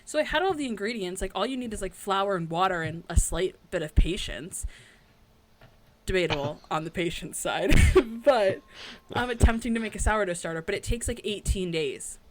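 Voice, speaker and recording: A woman's voice: mid-range voice, moderate pace, background noise. A woman co-hosting a podcast in casual chat, rambling and chatty with lots of fillers. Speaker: podcast co-host.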